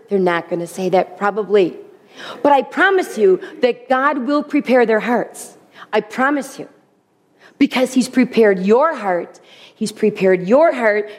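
A woman's voice: a little high, a little mellow. A middle-aged woman giving an earnest faith teaching to a group, acting out quoted speech in changing voices. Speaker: Bible teacher.

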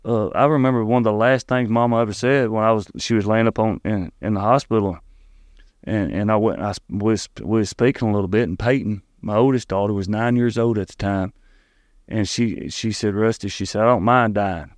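A middle-aged man with a Southern Tennessee drawl and a fairly low, steady voice shares a personal story as an interview guest. He's earnest but halting, often stopping to restart and repeating words. The recording is dry and close.

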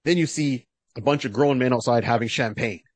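A man's voice: mid-range voice, fairly quick, no echo. A man co-hosting a podcast, retelling a story in a casual, rambling way with many fillers. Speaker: podcast co-host. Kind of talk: casual chat.

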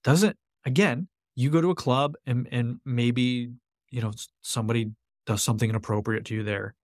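An earnest man talks through his ideas as a podcast guest, circling back to his key phrases to drive them home. His voice sits at an ordinary middle pitch, and the recording is close and dry with no room sound. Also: steady tone, moderate pace, no room sound. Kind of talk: conversational interview.

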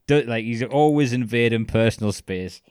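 A man's voice: mid-range voice, moderate pace, a little mellow, smooth, dry recording, studio quality. A man chatting casually as a podcast co-host, retelling scenes with quoted voices, laughing often and swearing. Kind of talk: casual chat.

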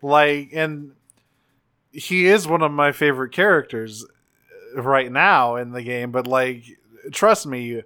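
A man co-hosting a casual discussion about a video game's story, talking in a relaxed way with swearing and frequent ums. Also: mid-range voice, takes it slowly, clear, resonant tone. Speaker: podcast co-host.

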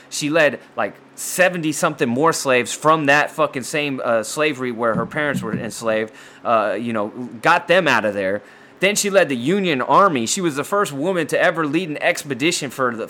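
Bright-voiced man ranting profanely. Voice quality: heavy cursing, frequent restarts and stammers. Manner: swings between loud outbursts and low muttering. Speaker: podcast host. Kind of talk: profane casual rant.

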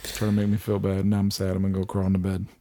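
Gravelly-voiced man telling stories. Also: deep voice, racing. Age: 30s. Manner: animated storyteller, swears freely, laughs often. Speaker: podcast host. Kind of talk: casual chat.

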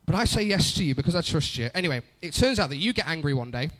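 A man's voice: on the high side, very animated, quick pace, a bit bright. A young adult man preaching a conversational sermon, often repeating phrases for emphasis. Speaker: pastor.

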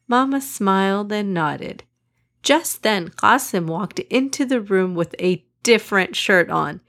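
A woman reading a children's story aloud, even and measured. Her pitch sits in the middle of the range, and she keeps a steady storytelling pace. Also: creaky. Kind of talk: scripted storybook narration.

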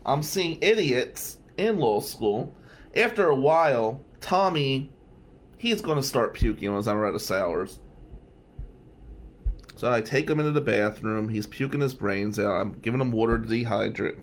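A man spins a casual personal story with a dry, sardonic edge, wandering off into wry asides. His voice sits at a middling pitch. A faint hiss runs under the recording.

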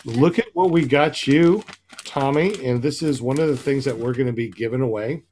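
A man's voice: medium pitch, normal speed, a little mellow, slight background noise. A man hosting a casual livestream chat, rambling with many fillers. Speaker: host of a paramotor livestream.

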